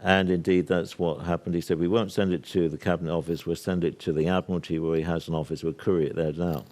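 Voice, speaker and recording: An older man from Britain talks to a live audience at a workshop, his voice sitting low. He speaks assertively, filling gaps with ums and wandering into asides before coming back to his point. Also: fairly even intonation, fast, a little mellow. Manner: discursive, assertive, with many fillers and asides. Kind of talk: public talk to an audience.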